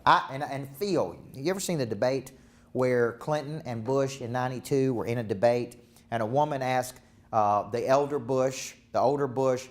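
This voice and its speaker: A man's voice: medium pitch, moderate pace. A man coaching managers at a live seminar, talking in an emphatic, repetitive, rallying way. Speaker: business coach. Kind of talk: live motivational seminar talk.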